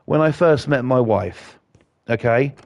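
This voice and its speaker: A man's voice: mid-range voice, animated, a little slow, gravelly, no room sound. A man, ranting and swearing in a rambling way while he plays a video game. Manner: profane, rambling, indignant. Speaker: gaming YouTuber.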